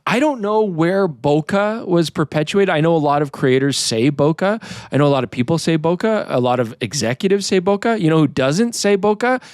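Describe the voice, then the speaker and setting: A man's voice: on the high side, lively intonation, fairly quick, few pauses, darkish tone, no room sound, clean studio sound. A man with a northern English accent, co-hosting a casual podcast chat and pressing his points with emphatic repetition. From northern England. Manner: emphatic, repeats himself when making a point. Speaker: podcast co-host.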